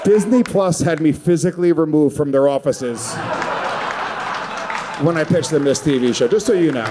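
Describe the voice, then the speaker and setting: Man, stand-up comedian, brash, profane, deadpan, slightly high voice, live club crowd laughing. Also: moderate pace, background noise. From Puerto Rico. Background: audience laughter.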